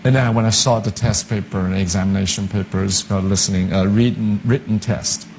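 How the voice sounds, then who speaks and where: A man's voice: fairly low pitch, a little fast, slight background noise, low-quality recording. A man with a Chinese accent, a stage actor telling stories in an interview, acting out what people said and chuckling. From China. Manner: lively anecdotes, acting out quoted voices, chuckling. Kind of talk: interview storytelling.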